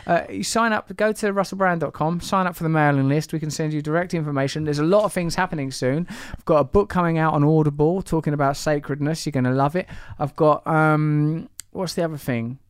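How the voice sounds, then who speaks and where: A man's voice: on the high side, fairly quick, few pauses, smooth, dry recording, studio quality. A man hosting a podcast, teasing and rambling through asides between introductions. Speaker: podcast host. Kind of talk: playful podcast intro and banter.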